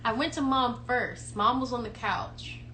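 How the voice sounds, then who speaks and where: A young woman in her twenties chatting on a livestream, telling a childhood story in an animated, playful way. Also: fairly high pitch, a little slow. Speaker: livestream co-host. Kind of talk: casual chat, storytelling. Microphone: phone livestream. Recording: echoey room with clear background hum.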